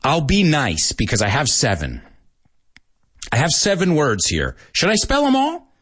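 A man hosting a radio show for English learners, reading listener comments in a lively, casual way and slipping into Spanish asides. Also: fairly high pitch, measured pace, breathy edge. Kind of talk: casual radio lesson chat.

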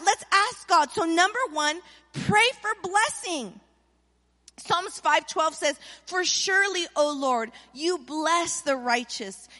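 A middle-aged woman preaching a sermon as pastor, animated, calling on the congregation to answer back. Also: high voice. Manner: animated preaching with call-and-response. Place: church. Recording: long reverb of a church hall.

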